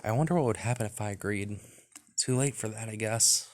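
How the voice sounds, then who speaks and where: A man's voice: on the low side, fairly quick. A man hosting a let's play, reading a visual novel aloud and breaking off into rambling, casual asides.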